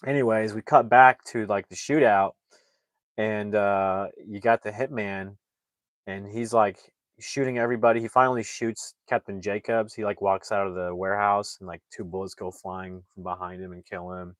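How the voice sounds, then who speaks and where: A man's voice: lowish voice, fairly even intonation, moderate pace, no room sound. A man casually recapping a movie plot as a reviewer, rambling loosely with many filler words. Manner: rambling, heavy use of "like" fillers.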